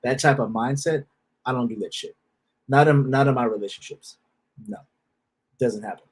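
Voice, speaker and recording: Husky man, blunt and profane, repeats himself: self-help speaker. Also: medium pitch, normal speed, a little mellow, rough recording. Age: adult with a wife and children. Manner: repeats phrases, restarts. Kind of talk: casual motivational talk.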